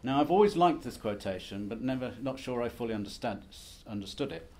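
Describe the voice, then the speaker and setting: A man's voice: medium pitch, lively intonation, brisk, darkish tone. A man giving a conference presentation as an academic, lecturing in a wry, self-deprecating, conversational way. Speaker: academic speaker.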